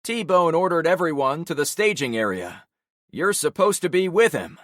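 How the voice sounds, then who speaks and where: A man voicing a pushy, suspicious male store boss with a thick Florida drawl, talking in loud, pressing questions. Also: on the high side, sing-song, normal speed, no echo, studio quality, pitched above the performer's own voice. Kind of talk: audiobook character voice.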